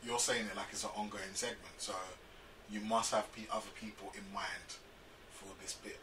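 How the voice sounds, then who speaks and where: A man's voice: on the low side, little pitch movement, moderate pace, pushed and bright. A man co-hosting a podcast, teasing his partner in a mock-indignant, scolding way. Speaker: podcast co-host. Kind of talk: casual banter. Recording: slightly distant mic with faint room noise.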